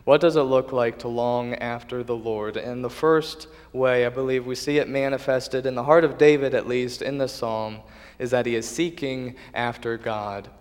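A man delivers a sermon in an earnest, measured voice that sits at a middle pitch. His phrases come steadily, with the odd restart. The sound carries the long reverb of a church hall. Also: steady tone, a little mellow. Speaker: preacher.

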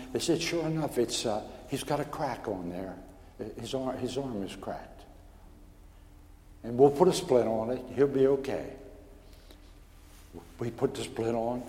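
A man preaching a personal testimony, telling his story in a stammering, animated way that builds in excitement. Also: medium pitch. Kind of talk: sermon testimony. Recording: echoey hall with long reverb.

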